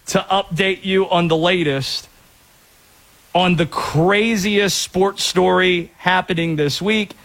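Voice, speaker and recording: A chatty man hosting sports talk radio, his voice sitting a little high for a man. He rambles through jokes and tangents in a relaxed, casual flow. The talk feels loose and conversational. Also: poor audio. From North Carolina.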